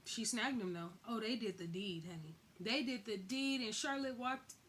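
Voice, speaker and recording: A woman's voice: a little high, moderate pace, a bit bright, a little hiss or hum. A woman giving a casual, slangy recap of a TV episode, acting out the characters' lines as she goes. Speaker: recap vlogger.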